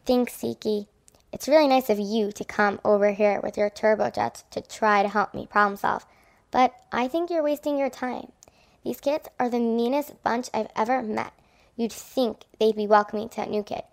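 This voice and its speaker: A woman voicing a hurt, shy young girl who is new at school, in a children's audio drama, speaking softly and hesitantly. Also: fairly high pitch, moderate pace, vocal fry. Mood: sad. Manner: soft, hesitant, confiding.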